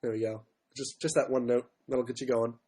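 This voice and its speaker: A man hosting a casual livestream, with a sore throat and frequent throat clearing, who mocks himself and keeps apologizing and giving up on songs. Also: mid-range voice, level tone, a little fast, mellow, faint music behind. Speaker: livestream host. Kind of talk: casual livestream chat with ukulele. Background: faint ukulele strumming.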